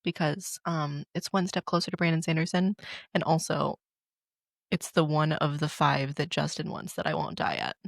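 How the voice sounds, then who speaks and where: A young woman co-hosting a podcast, telling stories in an animated, casual way and swearing freely. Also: low voice, normal speed, creaky, dry recording, clean studio sound. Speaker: podcast co-host. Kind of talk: casual chat.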